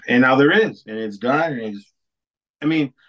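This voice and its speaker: A man co-hosting a podcast in casual chat, animated, swearing a lot and laughing often. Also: mid-range voice, unhurried, dull audio. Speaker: podcast co-host.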